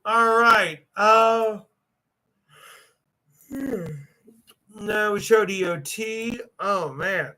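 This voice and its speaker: A man's voice: sits high, very slow, pauses often, sharp tone. A man hosting a casual livestream, joking with viewers, laughing often and swearing, tired and yawning. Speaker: livestream host.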